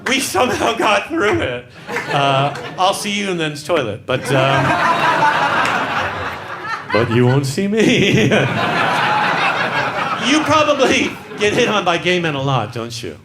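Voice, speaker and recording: A man's voice: high voice, very animated, takes it slowly, pauses often, heavy background noise. A man from San Francisco doing stand-up comedy in a club, teasing the crowd in a camp manner with lots of restarts. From San Francisco, USA. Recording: live club with audience. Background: audience laughing.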